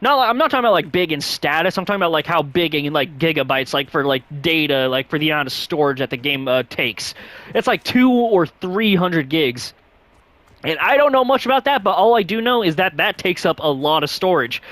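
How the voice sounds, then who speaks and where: A man hosting a gaming vlog in loose, casual chat. His voice sits a little high and keeps leaping upward mid-thought, padded with fillers as he rambles along. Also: animated, a little fast, fairly bright tone, no room sound. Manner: rambling, many fillers, sudden upward pitch jumps. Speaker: gaming channel host.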